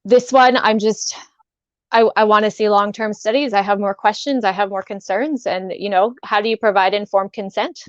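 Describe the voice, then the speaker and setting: A woman guest on a talk show telling a painful personal story, halting and emotional, with many restarts. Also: mid-range voice, fairly even intonation, dry recording. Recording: dull dry sound.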